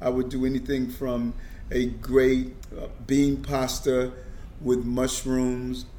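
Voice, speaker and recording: A middle-aged man speaks earnestly as an interview guest, often repeating a word as he gets a sentence going. His pitch sits at an ordinary level for a man. A faint hiss runs under the recording. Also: monotone, slow pace, dark tone. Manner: earnest, repeats words when starting sentences. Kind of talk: casual conversation.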